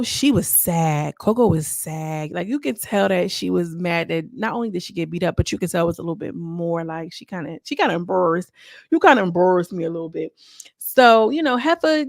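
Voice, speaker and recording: Gravelly-voiced woman recapping a show. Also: mid-range voice, dry recording, clean studio sound. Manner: chatty slang-filled storytelling, acting out quotes. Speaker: reality TV reviewer. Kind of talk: casual episode recap.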